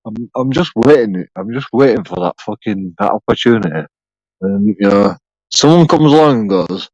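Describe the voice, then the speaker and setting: A man's voice: medium pitch, very animated, normal speed, vocal fry, a little mellow, dry recording, rough recording. A man rambling sarcastically through a profane solo vlog, repeating himself as he goes. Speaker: YouTube auditor.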